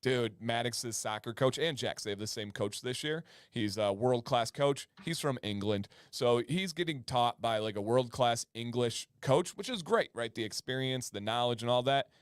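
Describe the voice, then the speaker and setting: Lively laughing male livestream host. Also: mid-range voice, moderate pace, few pauses, clear, resonant tone, no room sound. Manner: enthusiastic, laughs often. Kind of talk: casual chat.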